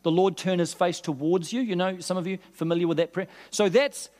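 Earnest pastor preaching in a reverberant hall. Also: male voice, high voice, fairly quick, a little mellow. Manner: earnest, conversational, asks the congregation questions. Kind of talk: sermon.

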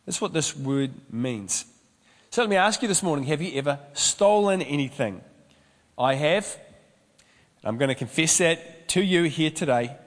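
A man's voice: a little high, expressive, measured pace, long reverb tail. A man preaching a sermon as pastor, mixing storytelling and humorous asides.

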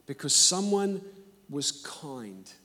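A man preaching a sermon and telling personal stories, animated and emphatic, moving between loud and hushed. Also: on the high side, slow pace. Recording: echoey hall.

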